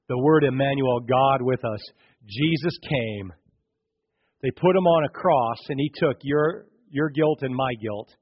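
A man preaching a sermon as pastor, dramatic, swinging between loud and hushed. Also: mid-range voice, measured pace, pauses often, breathy edge, highs cut off.

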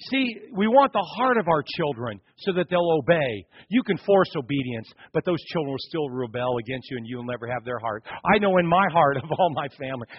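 A man delivers a sermon from the pulpit in a husky, fairly high voice. He swings between raised emphasis and quiet asides. The recording sounds dull and lo-fi, with a dry close sound. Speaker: pastor.

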